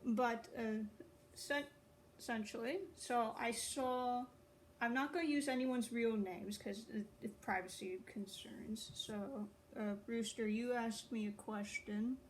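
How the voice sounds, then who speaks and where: A woman's voice: a little high, fairly even intonation, slow, a little hiss or hum, low-quality recording. A young adult woman chatting casually to viewers in a rambling, offhand way. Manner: rambling, chatty, laughs at herself. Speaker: online writer and video creator. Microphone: phone.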